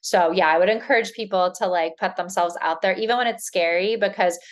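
A woman speaking in a somewhat low voice, talking freely as an interview guest. She rambles in a casual way, with many fillers and restarts. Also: brisk. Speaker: tarot reader and author, guest.

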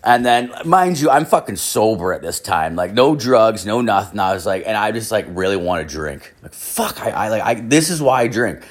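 A man's voice: fairly low pitch, animated, moderate pace, hardly any pauses. A man in his thirties telling a rambling, exasperated story, swearing constantly. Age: 30s. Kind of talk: profane comic storytelling rant.

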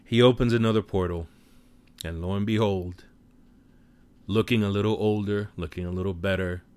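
In this spoiler-heavy movie review, a man recounts scenes casually, in a lively and foul-mouthed storytelling style. His voice runs on the low side, clear and resonant, at a moderate pace.

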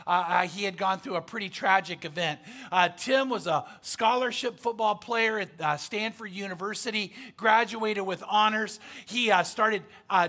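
A man's voice: sits high, bright, forceful tone. A man preaching a sermon, telling a story in an emphatic, conversational way with frequent fillers. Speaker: pastor.

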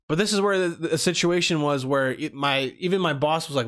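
Rambling, cursing man with a slightly high voice. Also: brisk, few pauses, fairly bright tone. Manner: rambling, swears freely, acts out quoted people. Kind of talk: casual storytelling monologue.

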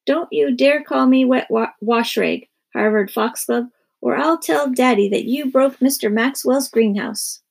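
A woman's voice: high-pitched, unhurried, gravelly, husky, heavily acted. A woman voicing a dramatic young girl who bursts into tears and wails her protests in a storybook reading. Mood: indignant. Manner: wailing, tearful protests.

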